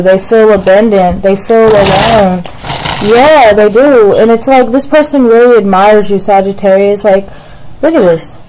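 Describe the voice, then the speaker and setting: A woman's voice: medium pitch, warm tone, low-quality recording. A woman giving a casual tarot reading straight to the viewer, rambling and filling her talk with "like" and "it's like". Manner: rambling, repeats "like" and "it's like", addresses viewer directly. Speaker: tarot reader.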